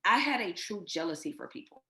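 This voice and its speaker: A woman's voice: medium pitch, very animated, a little fast, bright, forceful tone. A woman guest telling her personal infertility story in an interview, emotional and full of faith, often quoting what others said. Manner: emotional, faith-filled, retells others' words.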